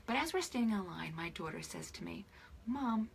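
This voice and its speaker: A woman in her forties, a spiritual life coach, chatting on camera to her followers, teary and emotional, often dropping into soft whispers. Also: fairly low pitch, very animated, quick pace, creaky, slight background noise. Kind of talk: casual direct-to-camera chat with followers.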